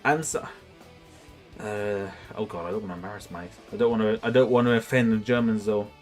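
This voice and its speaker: A man's voice: fairly low pitch, a little fast, a little mellow, faint music behind. A young man chatting casually on a livestream, rambling and self-mocking, laughing often. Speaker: streamer.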